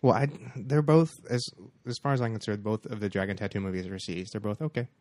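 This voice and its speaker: A man chatting about movies in a quick, matter-of-fact, informative way. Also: lowish voice, a little mellow, dry recording. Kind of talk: casual movie chat.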